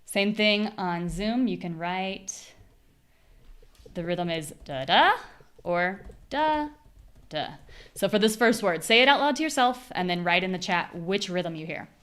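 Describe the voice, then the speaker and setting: American woman, live pronunciation teacher, clear and patient, punches stressed syllables when demonstrating. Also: medium pitch, normal speed, fairly bright tone. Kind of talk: live online class.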